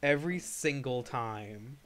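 A man's voice: medium pitch, takes it slowly, a bit bright. A young man streaming live, chatting casually and rambling, often restarting his sentences. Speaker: livestreamer. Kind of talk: casual livestream chat.

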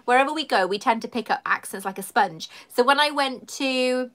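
Speaking fairly quickly in a voice on the high side that's a bit bright, a woman hosts a casual home live stream. She's from the London area, has a southern English accent, and rambles while reading viewers' comments aloud.

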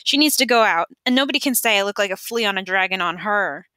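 A woman's voice: medium pitch, expressive, fast, pushed and bright, no room sound. A woman voicing a proud, sulky boy who complains insistently. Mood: huffy.

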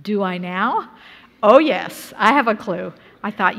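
A middle-aged woman from Utah giving a personal testimony sermon at a conference, telling her story earnestly with lively quoted asides. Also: mid-range voice, measured pace, creaky. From Utah, USA. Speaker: conference speaker. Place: church conference hall. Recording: reverberant hall.

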